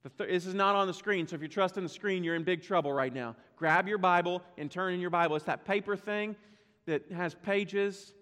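High-voiced pastor preaching in a reverberant church. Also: male voice, a little fast, fairly bright tone. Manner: conversational preaching with playful asides. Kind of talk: sermon. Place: church sanctuary. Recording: long reverb of a church hall.

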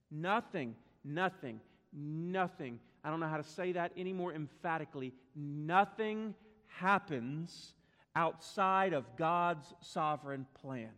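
High-voiced emphatic preacher in reverberant church. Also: male voice, a bit bright. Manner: emphatic, repeats words for stress, asks the congregation questions. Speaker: pastor. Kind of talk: sermon. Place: church sanctuary. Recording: long hall reverb.

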